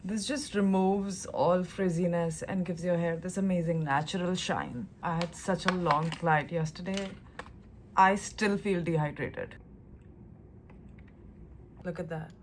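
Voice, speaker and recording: A woman's voice: fairly low pitch, a little slow, slight background noise. A young woman from India talking casually to camera in a vlog, chatty and emotional, gushing over everything. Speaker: lifestyle vlogger.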